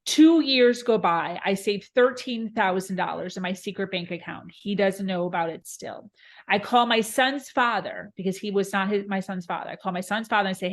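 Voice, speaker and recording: A woman's voice: medium pitch, normal speed. A woman in her thirties telling a candid, emotional story about her own life as a podcast guest. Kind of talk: personal story in an interview.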